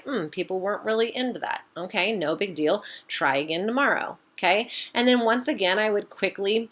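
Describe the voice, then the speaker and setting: A woman's voice: lowish voice, a bit bright. A woman business coach giving a motivational talk to camera, emphatic and direct, repeating her points and calling her viewers "you guys".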